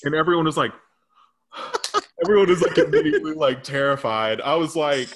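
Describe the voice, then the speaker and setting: A young man co-hosting a podcast, telling animated stories in casual chat, swearing freely and laughing often. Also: on the high side, normal speed. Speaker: podcast co-host.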